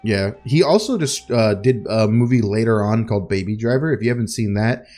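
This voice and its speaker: A man's voice: lowish voice, fairly quick, a little mellow, soft background music. Laid-back man chatting on a podcast. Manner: swears casually, laughs often, rambling. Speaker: podcast co-host. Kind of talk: casual chat.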